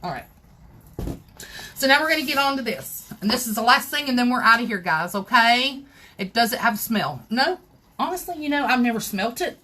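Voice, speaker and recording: A woman's voice: a little high, lively intonation, normal speed, pushed and bright. A woman, hosting a casual live crafting tutorial at home and chatting straight to her viewers. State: out of breath.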